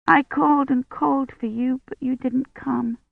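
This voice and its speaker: A frightened little girl with a quavering voice, pitched well above the woman who reads her. She clings and sounds tearful and small. The sound is dry and tinny, like a phone line. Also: fairly even intonation, normal speed, gravelly, no echo, exaggerated voice. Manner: quavering, high childlike voice.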